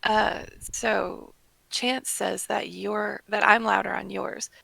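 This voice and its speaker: A woman's voice: mid-range voice, steady tone, takes it slowly, creaky, pushed and bright, dry recording. A young woman streaming a game, reading along and making sarcastic, joking comments in casual chat.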